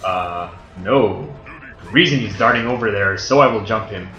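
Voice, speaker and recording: A young man playing a video game and commentating, loud and profane, breaking into high yells when things go wrong. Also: normal speed, faint music behind. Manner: loud, swearing, bursts into high-pitched yells. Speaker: gamer. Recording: roomy dull home recording.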